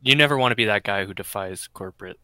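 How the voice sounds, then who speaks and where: A man's voice: fairly low pitch, fast, pushed and bright, smooth, dry recording. A man co-hosting a podcast in laid-back casual chat, swearing now and then. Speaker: podcast co-host.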